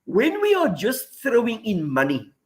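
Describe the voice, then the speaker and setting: This man has a high voice for a man, and he speaks in an earnest, preacherly way. He gives radio commentary and lays out everyday examples one after another. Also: wildly swooping pitch, a little slow. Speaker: regular guest commentator. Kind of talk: radio talk segment, reflective commentary.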